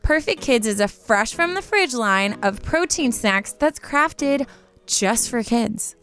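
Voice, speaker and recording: Giggly woman co-hosting with lively pitch. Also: slow pace. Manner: playful, giggly, trails into laughs. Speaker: podcast co-host. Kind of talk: casual chat reading ads.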